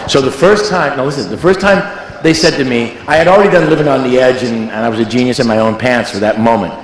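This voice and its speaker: A man's voice: mid-range voice, fast, a little hiss or hum. A man who is a music producer, telling rambling, joking stories in a casual interview. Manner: rambling, animated storyteller, joking. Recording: echoey hall.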